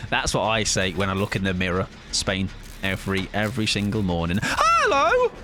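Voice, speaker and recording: A man's voice: deep voice, steady tone, fairly quick, background noise. Rambling, jokey streamer man. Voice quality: rambling, jokey, swears casually. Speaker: game streamer. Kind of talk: casual live-stream chat during gameplay.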